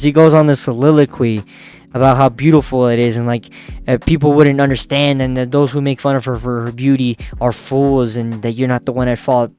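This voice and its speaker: A man's voice: medium pitch, little pitch movement, brisk, darkish tone, clean tone, soft background music. A man casually narrating a manga recap in a chatty way, chuckling and correcting himself as he goes. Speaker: manga reviewer.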